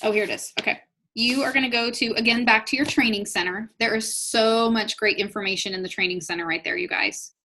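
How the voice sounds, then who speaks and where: A network marketing trainer speaks a little fast in a slightly high, bright and forceful voice. She's leading a live online business training, chatting upbeat encouragement directly to her viewers.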